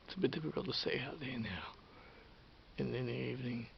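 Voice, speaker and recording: Gravelly Australian man telling a story. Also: mid-range voice, fairly quick. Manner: animated, swears freely, whispers asides. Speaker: vlogger. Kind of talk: casual storytelling to camera. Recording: dull lo-fi with faint hiss.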